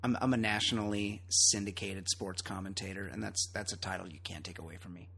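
A man's voice: low voice, fairly even intonation, a little fast, creaky, pushed and bright, breathy edge. A man hosting a podcast, chatting casually and ranting bluntly with plenty of swearing. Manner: blunt, profane, opinionated ranting. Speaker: podcast host. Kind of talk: casual chat.

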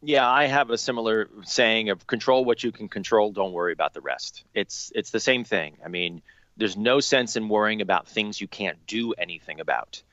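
A man's voice: fairly low pitch, normal speed, no echo, dull audio. A man co-hosting a podcast about money, chatting casually with lots of ums and restarts. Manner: relaxed, filler-heavy. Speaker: podcast co-host.

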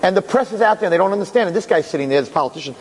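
A man with a fairly high voice tells a story in an animated way, slipping into character voices as he goes. Faint noise hums behind him. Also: very fast, rough recording. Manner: lively, acts out every character.

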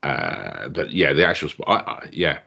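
A man's voice: extremely low pitch, big pitch swings, moderate pace, creaky, pushed and bright, slightly rough. An easygoing man co-hosting a podcast, chatting casually about a wrestling show and laughing often. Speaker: podcast co-host. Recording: dull lo-fi mic.

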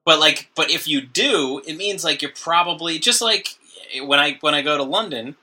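Bright-voiced joking male co-host. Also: on the high side, normal speed. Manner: joking, does brief mock voices. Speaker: podcast co-host. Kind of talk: casual comedic chat.

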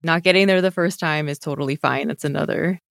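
A woman's voice: sits low, fast, creaky, a bit bright, dry recording, studio quality. A woman co-hosting a casual podcast, playful and giggly, reading listener quotes aloud. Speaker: podcast co-host.

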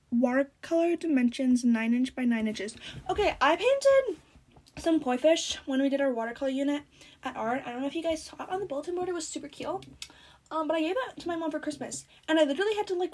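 Teenage girl vlogger with a high voice, chatty and sarcastic, telling stories while chewing gum. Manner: rambling, sarcastic, animated storytelling. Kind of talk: casual chat.

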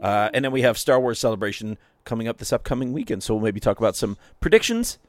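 A man's voice: mid-range voice, lively intonation, fast talker, no room sound, clean studio sound. A man with a slight Michigan accent hosting a casual podcast, laughing and running through the episode rundown. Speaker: podcast host.

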